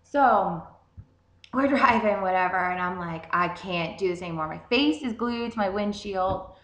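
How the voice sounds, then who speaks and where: A young woman telling a story in a casual, animated way, swearing constantly. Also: mid-range voice, moderate pace. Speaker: vlogger. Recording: roomy echo.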